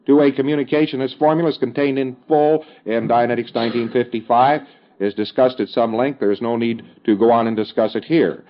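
A man's voice: medium pitch, muffled recording. A man giving a recorded instructional lecture in a conversational, emphatic way, with folksy asides and fillers.

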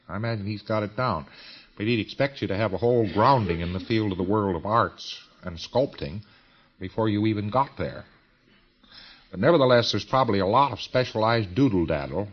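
A man's voice: on the low side, highs cut off. A man giving an informal lecture in a folksy, emphatic way, with slang and repeated phrases.

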